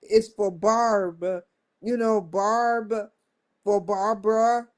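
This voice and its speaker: Speaking extremely slowly in a steady, medium-pitched voice, a woman vlogger and show host talks casually to her camera audience. Her chatty address is frequently interrupted by laughter.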